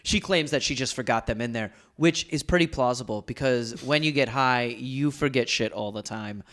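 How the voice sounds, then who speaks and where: A man's voice: mid-range voice, moderate pace, a bit bright. A young man hosting a casual podcast, telling stories in a loose, joking way with frequent ums and uhs. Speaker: podcast host.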